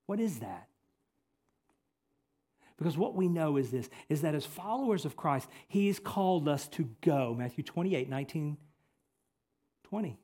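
A male pastor delivering a sermon in a fairly high-pitched voice. He hammers home his points by repeating phrases. He drops from loud, forceful emphasis to quiet, earnest asides. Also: animated, moderate pace, pauses often. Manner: emphatic preaching, swinging from loud to hushed.

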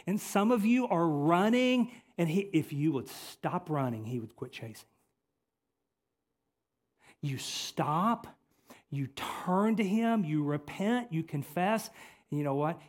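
This man's voice sits high as he preaches a sermon in the role of pastor. Key phrases come back again and again, and his delivery shifts from hushed sincerity to strong, forceful stress.

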